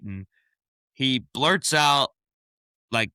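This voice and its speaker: Podcast co-host, male, lower pitch, very bright and forceful tone, dry close sound, animated storyteller who keeps breaking into laughs. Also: measured pace, clear, resonant tone, dry recording. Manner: animated storyteller, laughs often mid-sentence. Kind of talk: casual storytelling chat.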